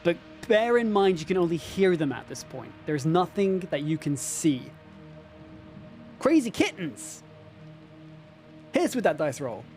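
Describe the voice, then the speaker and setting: Man, game master, tabletop game narration for a stream, lively, talks to chat, slightly high voice. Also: normal speed, few pauses, faint music behind. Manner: lively, addresses chat directly, frequent fillers.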